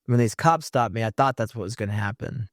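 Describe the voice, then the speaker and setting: A man hosting a podcast, telling a personal story in a halting way, often restarting his thoughts. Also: fairly low pitch, no room sound, studio quality. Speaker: podcast host.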